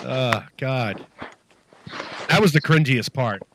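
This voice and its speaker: A man's voice: medium pitch, slow, fairly bright tone, slight background noise. A man co-hosting a casual wrestling podcast, blunt and profane, often laughing.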